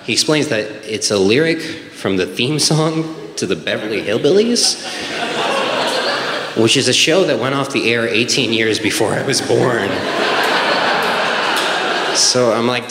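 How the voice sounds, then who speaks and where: On stage, a young man tells a personal story in a conversational, wry manner, using plenty of fillers like "like" and "um." His mid-range voice is a little slow with long pauses, recorded in a roomy hall with faint room noise.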